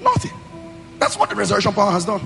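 A Nigerian pastor with a high, gravelly voice, preaching in a chanting sing-song that breaks into shouts. His sermon rings through a big hall with long reverb, with soft music underneath. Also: huge pitch swings, rapid-fire.

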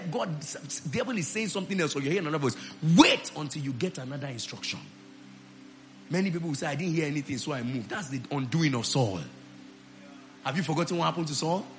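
A male pastor preaching a sermon to his church, rising into loud shouted declarations of prayer. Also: a little high, lively intonation, brisk, soft background music.

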